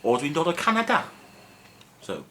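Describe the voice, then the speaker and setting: A young man teaching a casual video lesson in a relaxed, self-mocking, chatty way with lots of fillers. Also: a little high, moderate pace. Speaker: Welsh language teacher. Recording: faint background noise.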